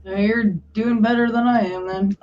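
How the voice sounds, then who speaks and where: A woman's voice: on the high side, steady tone. A woman hosting a livestream in casual chat, laughing often. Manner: laughing, slow drawling talk. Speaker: livestream host. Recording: dull lo-fi audio.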